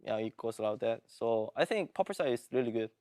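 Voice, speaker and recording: Man, pro player guest, hesitant halting answers, dry close sound. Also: medium pitch, animated, warm tone, no room sound. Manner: hesitant, filler-heavy answers. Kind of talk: casual interview answers.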